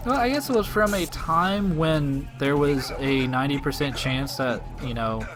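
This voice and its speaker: A man's voice: on the high side, moderate pace, music in the background. A man casually commentating a video game with a friend, offhand and crude in his jokes. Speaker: let's play commentator.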